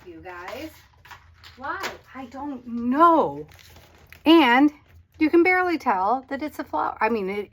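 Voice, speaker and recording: A woman vlogging as she crafts, chatting casually in a rambling way and questioning herself aloud. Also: a little high. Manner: drops to a whisper at times. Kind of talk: casual chat while crafting.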